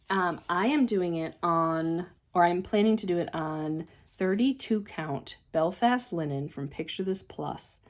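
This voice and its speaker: Chatty, excitable woman vlogger. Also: on the low side. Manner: chatty, excitable, trails off and restarts. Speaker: crafting vlogger. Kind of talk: casual show-and-tell chat.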